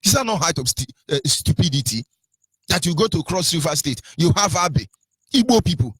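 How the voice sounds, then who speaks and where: A man's voice: a little high, lively intonation, fairly quick, husky, no room sound. A man with a Nigerian accent giving impassioned radio commentary, scolding his listeners with repeated rhetorical questions and stumbling over fillers.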